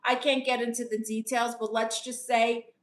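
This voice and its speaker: Calling her viewers honey, a New York–accented live streamer plays the chatty, playful aunt, reading their comments out and answering with advice. She speaks at normal speed in a slightly high voice that barely moves in pitch.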